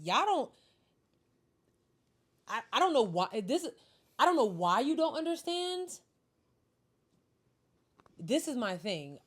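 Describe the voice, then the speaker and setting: A woman's voice: high voice, big pitch swings, slow pace, pauses often, breathy edge. A woman co-hosting a podcast in heated casual chat, ranting with angry, profane emphasis. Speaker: podcast co-host.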